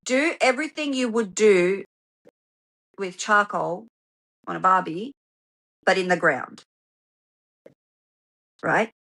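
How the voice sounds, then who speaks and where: A woman who is a podcast guest, chatting casually and explaining things in a lively, playful way. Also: mid-range voice, slow, vocal fry, pauses often, low-quality recording. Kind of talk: casual chat.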